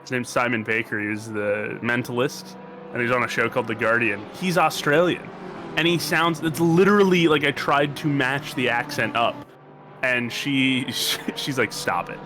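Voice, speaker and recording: A man with an American accent giving casual, joking commentary on a sim race. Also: mid-range voice. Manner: jokey, rambling, quick to banter. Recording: noisy stream audio.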